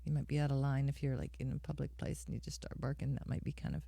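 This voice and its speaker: A woman's voice: extremely low pitch, steady tone, fast talker, vocal fry, dark tone, husky, dry recording. A middle-aged woman hosting a live music stream, chatting casually with viewers and calling them by name. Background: guitar accompaniment.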